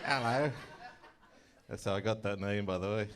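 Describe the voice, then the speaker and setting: Dry English comedian, lowish voice. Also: male voice, moderate pace, crowd noise, noisy background. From England. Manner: dry, mock-indignant punchlines. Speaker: stand-up comedian. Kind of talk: stand-up comedy.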